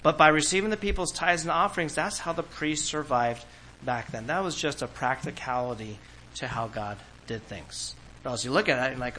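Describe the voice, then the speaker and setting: A man's voice: medium pitch, animated, normal speed, pushed and bright, a little hiss or hum, low-quality recording. A man preaching a sermon to a congregation in a church, talking in a conversational way and acting out quoted voices. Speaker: pastor.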